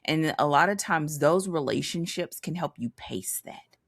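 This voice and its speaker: A woman's voice: low-pitched, expressive, unhurried, no room sound, clean studio sound. A woman co-hosting a podcast, chatting casually and animatedly about a book, with slangy asides and frequent laughs. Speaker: podcast co-host.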